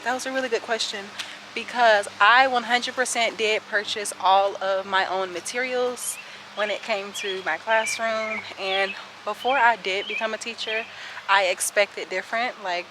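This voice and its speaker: Here the same breathless young vlogger, a kindergarten teacher in her twenties, strolls outside fielding viewer questions on a handheld camera. Her mid-range voice is chatty and sassy as she calls people "sis" and "y'all," with background noise throughout.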